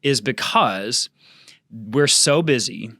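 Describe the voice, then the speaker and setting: A man's voice: medium pitch, expressive, slow, vocal fry, bright, forceful tone, no echo, clean studio sound. A man co-hosting a church podcast, speaking reflectively and agreeing often. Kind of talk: casual podcast chat.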